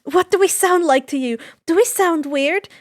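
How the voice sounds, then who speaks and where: A woman voicing an excitable young female demigod in a fan fiction reading, eager and full of questions. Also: very high voice, moderate pace, no echo, studio quality, voice pushed up. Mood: excited.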